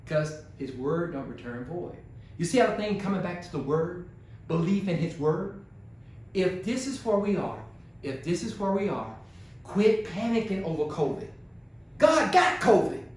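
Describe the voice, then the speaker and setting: A man's voice: lively intonation, normal speed, darkish tone, slight background noise. Impassioned male pastor in echoey hall. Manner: impassioned preaching, swinging from low murmurs to high exclamations; rhetorical questions to the congregation. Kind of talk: sermon. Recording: very echoey church hall, voice far from mic.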